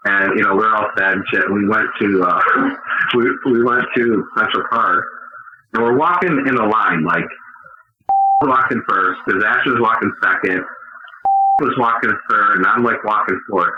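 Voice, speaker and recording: A male podcast co-host spins rambling, profane anecdotes in loose banter and laughs through many of them. His pitch sits mid-range. The recording is muffled and lo-fi, with a noisy background. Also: normal speed, echoey room. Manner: profane, rambling storyteller who often laughs. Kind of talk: casual banter. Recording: dull lo-fi sound with noise.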